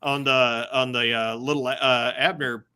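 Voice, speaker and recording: A man's voice: mid-range voice, fairly even intonation, unhurried, a crowd in the background. A man guesting on a podcast, chatting casually and hesitantly with lots of fillers. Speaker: podcast guest, comic writer. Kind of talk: casual chat.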